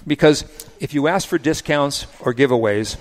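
A vineyard owner and grape grower explaining planting choices in a measured, self-deprecating way during a casual podcast conversation. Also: male voice, mid-range voice.

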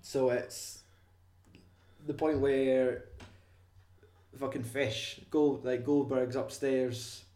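A young man chatting casually about a film, sweary and animated. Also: mid-range voice, drawn-out words, long pauses. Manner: sweary, animated, acts out scenes. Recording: echoey room.

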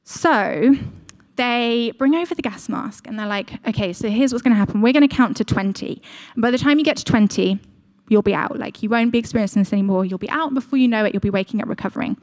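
A woman's voice: a little high, quick pace. Chatty woman preaching with a story. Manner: chatty storytelling, frequent "like" and "um", lively asides to the congregation. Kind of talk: sermon with personal story.

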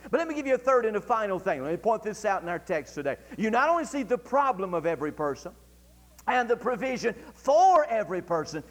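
A male pastor delivering a fervent sermon to his congregation, slowing down and drawing out key phrases for emphasis. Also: sits high. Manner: fervent preaching, slows down and stretches key phrases. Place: church sanctuary. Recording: church archive recording with long hall reverb.

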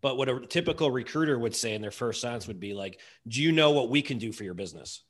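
Fast-talking man co-hosting a podcast. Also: medium pitch, animated. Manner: fast, interjecting, role-plays a pickup line. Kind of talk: casual podcast chat.

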